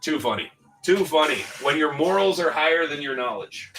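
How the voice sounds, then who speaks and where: Joking middle-aged man, bright voice. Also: fairly high pitch, expressive, normal speed, recorded from a distance, faint music behind, poor audio. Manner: loose, joking, swears freely. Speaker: livestream card-break host. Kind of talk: casual storytelling chat.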